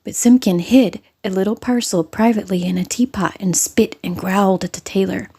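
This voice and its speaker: A woman reading a classic storybook aloud, narrating in a soft, half-whispered manner. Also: mid-range voice, fairly quick, vocal fry, breathy edge.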